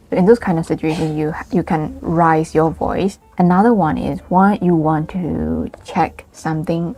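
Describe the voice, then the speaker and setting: A woman whose first language is Burmese teaching English intonation in an online lesson, explaining slowly and carefully and acting out example sentences. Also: deep voice, expressive, warm tone, husky, soft background music.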